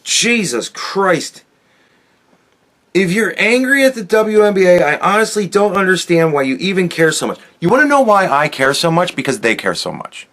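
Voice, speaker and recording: Guy ranting on his podcast, high voice jumping all over, swears a ton. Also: big pitch swings, normal speed, a bit bright. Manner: angry, profane, sarcastic ranting. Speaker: podcast host. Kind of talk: solo podcast rant.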